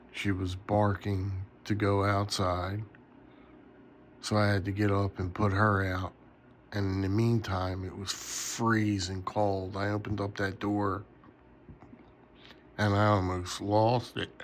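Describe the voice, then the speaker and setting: Sleepy, slow-talking man vlogging at night. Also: on the low side, a little hiss or hum. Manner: tired, rambling, yawning. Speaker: knife collector vlogger. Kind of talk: casual rambling vlog. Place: bedroom at night.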